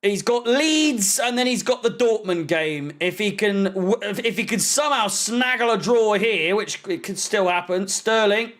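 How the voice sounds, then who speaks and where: A man's voice: high-pitched, lively intonation, moderate pace, few pauses, a bit bright, a little hiss or hum. A man hosting a live match watch-along, sarcastic and swearing, with frustrated outbursts at the players. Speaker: fan channel host watching a match.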